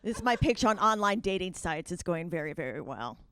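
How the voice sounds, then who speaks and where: A woman doing a stand-up comedy set with a brisk, conversational delivery and wry asides. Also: lowish voice, very animated, a bit bright, a little hiss or hum. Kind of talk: stand-up set, then a short chat with the host.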